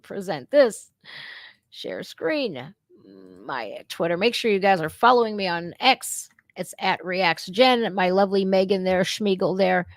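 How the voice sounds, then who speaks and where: A woman's voice: medium pitch, a bit bright, dry recording, studio quality. A middle-aged woman hosting a reaction stream, talking bluntly with lots of swearing and mocking sarcasm. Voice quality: brash, blunt, swearing freely. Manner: sarcastic, mocking mimicry of opponents. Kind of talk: casual profane reaction commentary.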